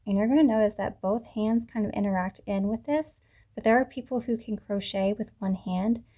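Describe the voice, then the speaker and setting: A woman teaching a beginner crochet lesson, talking patiently through each step and slowing down to repeat the moves. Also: mid-range voice, steady tone, warm tone. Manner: patient, talks through each step slowly, self-correcting. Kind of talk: tutorial instruction. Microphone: camera mic.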